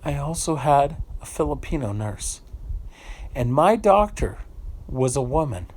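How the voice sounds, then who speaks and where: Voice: medium pitch, sing-song, a little slow, a little mellow. A vlogger from the United States giving an emotional, unscripted rant, indignant and swearing freely, often repeating phrases while searching for words.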